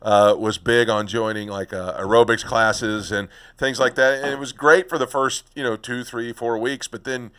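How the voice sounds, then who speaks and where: A man's voice: medium pitch, fairly even intonation, moderate pace, hardly any pauses, fairly bright tone, clear, resonant tone. A middle-aged man hosting a podcast interview. He talks in a conversational way and often repeats words as he starts his thoughts. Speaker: podcast host.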